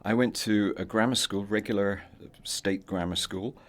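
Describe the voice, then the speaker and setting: An English man in his sixties speaks in a notably deep, low register. He talks in a relaxed, measured and articulate way as he answers interview questions. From England. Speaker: actor guest. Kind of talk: casual interview chat.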